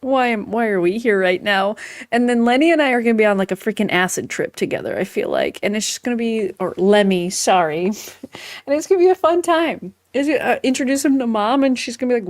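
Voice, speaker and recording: A woman's voice: a little high, expressive, a little fast. A woman co-hosting a casual chat, giggly and laughing through her words, acting out silly quoted voices. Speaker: podcast co-host.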